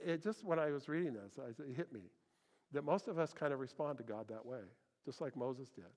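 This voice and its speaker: A man preaching a sermon as pastor, telling stories in an animated way and acting out the people he quotes. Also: on the high side, fairly quick. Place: church hall. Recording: long hall reverb.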